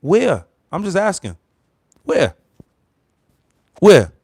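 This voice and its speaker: Man, from the US, livestream host, heated political rant, repetitive, high-pitched. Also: wildly swooping pitch, extremely slow, creaky, darkish tone, slightly rough, no room sound. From United States. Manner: fired-up, repetitive, talks straight to viewers.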